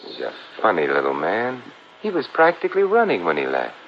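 Smooth wisecracking detective, low voice that swings around a lot, old muffled radio. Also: male voice, wildly swooping pitch, fairly quick. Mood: wry calm. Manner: dry wisecracking. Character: suave male detective, dry and wisecracking. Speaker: lead detective. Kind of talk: 1940s radio acting. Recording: dull old radio recording with faint hiss.

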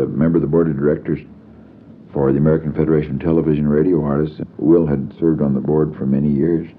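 An older man recalling stories from his working life, with a halting delivery full of fillers and restarts. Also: rumbling low, vocal fry. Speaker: storyteller. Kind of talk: anecdotal reminiscence. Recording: tinny phone-like archival recording with faint hiss.

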